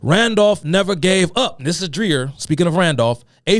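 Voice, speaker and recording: A man's voice: high voice, lively intonation, moderate pace, few pauses, no echo, studio quality. A man speaking hosts a solo political commentary, reading quotes aloud and breaking off into heated, profane rants. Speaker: commentary host.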